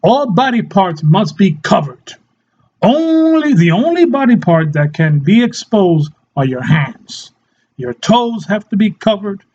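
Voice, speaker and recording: A man's voice: high-pitched, sing-song, unhurried, darkish tone, husky, muffled recording. A man delivering a mock-serious satirical monologue in a sarcastic tone, often laughing and acting out short quoted voices. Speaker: satirical commentator.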